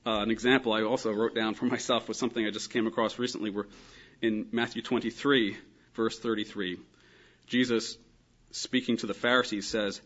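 A man's voice: mid-range voice, brisk, a bit bright, breathy edge, highs cut off. A man giving a thoughtful, explanatory Bible lesson, stressing key points with emphasis. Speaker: Bible teacher. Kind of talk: lecture on scripture.

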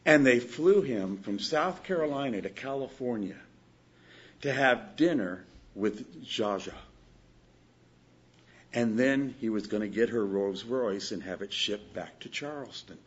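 A man preaching a sermon as a pastor, pleading with his listeners and swinging between loud exhortation and quiet storytelling. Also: mid-range voice, lively intonation, measured pace, husky, dull audio.

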